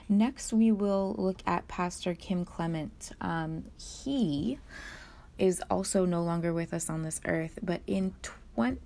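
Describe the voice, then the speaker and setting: Brief: woman, lowish gravelly voice, mellow tone, earnest and emphatic monologue. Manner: earnest, emphatic, quotes kids in high voices. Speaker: religious commentator. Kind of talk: casual monologue on prophecy.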